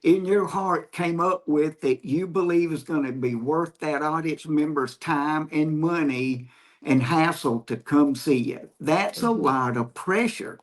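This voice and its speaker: A man's voice: a little high, a little slow. A man with a Southern US accent talks as a comedy guest on a podcast. He speaks earnestly and emphatically, repeating key phrases to drive them home, in a casual, conversational way.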